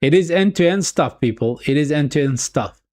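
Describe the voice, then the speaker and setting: With a slightly high voice at a moderate pace, a man streams himself watching football live and commenting. He chats, repeats phrases, calls the audience "people," and swings from excited to deflated.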